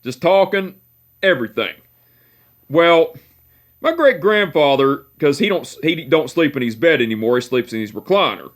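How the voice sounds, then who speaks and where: His voice is a little high and sing-song, moving at a moderate pace. The young man recounts family stories in a laid-back, profane style, laughing at them as he goes.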